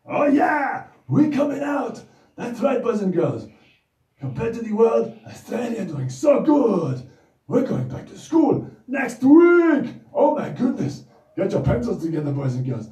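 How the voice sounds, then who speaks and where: A man putting on a voice for an excitable, boastful male character who speaks in childlike broken phrases and calls himself by name. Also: extremely high pitch, measured pace, pitched above the performer's own voice, heavily acted. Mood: boastful excited. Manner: talks about himself in the third person, loud and gushing. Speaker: regular character of a children's Bible show. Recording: roomy echo, distant mic.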